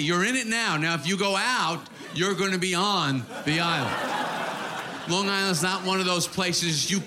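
High-voiced man doing stand-up. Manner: animated, incredulous, exaggerated repetitions. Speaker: stand-up comedian. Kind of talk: stand-up routine. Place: theater stage before a live audience. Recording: live stage recording with crowd and noise.

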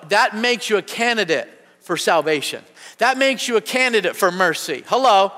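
A man's voice: high voice, sing-song, normal speed, sharp tone. A male pastor preaching a fervent sermon, punctuating his points with repeated amens. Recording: church hall reverb.

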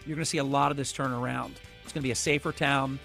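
A man's voice: mid-range voice, steady tone, fast, gravelly, fairly bright tone, faint music behind. A man filling in as a radio talk show host, giving emphatic, opinionated commentary and speaking straight to callers.

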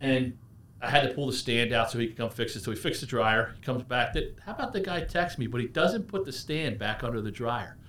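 A man's voice: mid-range voice, expressive, brisk, a bit bright. A man speaking as a guest in a casual interview, telling stories with lots of restarts. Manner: anecdotal, many restarts and "he goes". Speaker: guest, brand representative.

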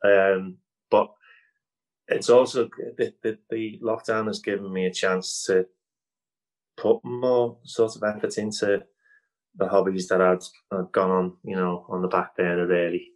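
Man, Scouse accent, lowish voice, rambling, fillers, easy laughter, casual interview chat. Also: level tone, measured pace, low-quality recording. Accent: Liverpool Scouse. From Liverpool, England. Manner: rambling, many fillers and restarts, laughs easily. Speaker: improv comedy guest. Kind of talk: casual interview chat over video call.

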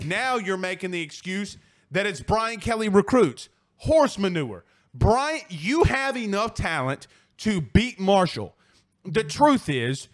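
A man with a high, bright-pitched voice hosts sports talk radio. He rants in a fired-up, profane way and keeps hammering his points home. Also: big pitch swings, slow pace.

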